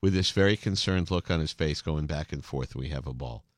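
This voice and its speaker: A middle-aged man hosting a podcast interview, telling stories in a lively way and dropping into accents. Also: very deep voice, fairly quick, dry recording, studio quality. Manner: animated storyteller, slips into accents. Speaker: podcast host. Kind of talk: casual interview chat.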